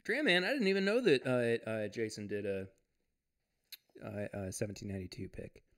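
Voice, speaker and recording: A man's voice: on the low side, animated, moderate pace. A man hosting a casual livestream from home. He reads viewer comments aloud, chats loosely, laughs often and restarts his sentences. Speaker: podcast host.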